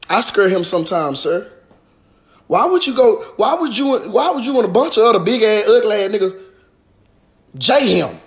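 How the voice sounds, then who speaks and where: A man with a drawl rants straight to his followers in a live-stream monologue. His voice sits noticeably high, and he goes at it in a profane, mocking way, dropping a sarcastic "sir" again and again. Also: big pitch swings, normal speed, pauses often. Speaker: rapper addressing his followers.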